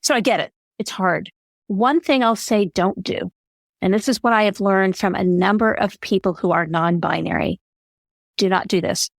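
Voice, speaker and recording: A woman's voice: medium pitch, moderate pace, creaky, dry recording. Earnest woman giving emphatic advice. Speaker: podcast guest, allyship speaker. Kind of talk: conversational interview answer.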